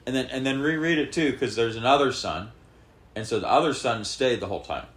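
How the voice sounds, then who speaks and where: A man's voice: mid-range voice, expressive, fairly quick, a bit bright. A man co-hosting a podcast, retelling a parable in loose, rambling casual talk. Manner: rambling, many fillers and restarts, explaining a parable. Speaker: podcast co-host. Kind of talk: casual chat.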